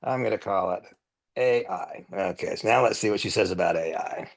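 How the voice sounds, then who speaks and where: An older man with a gravelly, somewhat husky voice, speaking low. He runs a training demo into a headset microphone. He is earnest and emphatic and circles back to drive his points home. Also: moderate pace.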